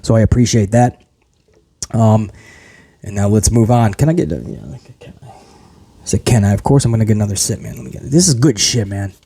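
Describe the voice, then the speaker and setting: Hosting his own wrestling review show, a man with a lowish, husky voice rants casually and profanely, full of animation. He mocks what he watched with quick impressions, and he grew up in housing projects.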